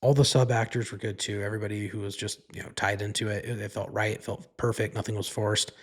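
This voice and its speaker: A podcast host with a fairly low voice and little pitch movement talks fast as he retells a film's plot for a casual movie recap. His delivery is loose, rambling, and profane, packed with "like" and "right?".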